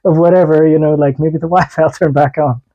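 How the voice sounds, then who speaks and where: A man's voice: a little high, steady tone, quick pace, warm tone, lo-fi sound. A man co-hosting a podcast, talking in an easygoing, reflective way in a casual chat. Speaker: podcast co-host.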